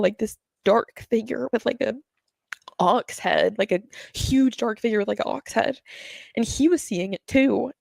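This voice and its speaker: Tearful young woman with a gravelly voice. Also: on the high side, moderate pace, darkish tone, no echo, studio quality. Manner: slangy, rambling, tearful, many fillers. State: nervous, sweating. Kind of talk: emotional personal story to viewers.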